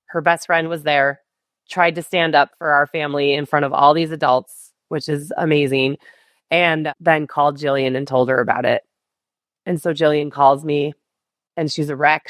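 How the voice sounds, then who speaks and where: A woman's voice: sits low, no room sound, clean studio sound. A middle-aged woman, a podcast guest, retelling a family ordeal with intensity and quoting the heated quarrels. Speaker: guest telling her story. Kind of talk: podcast interview storytelling.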